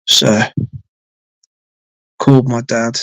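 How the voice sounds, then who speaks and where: A man's voice: mid-range voice, level tone, very slow, vocal fry, a bit bright, no echo, low-quality recording. A man telling a long personal story on a live stream in a casual, rambling way, swearing freely and repeating himself.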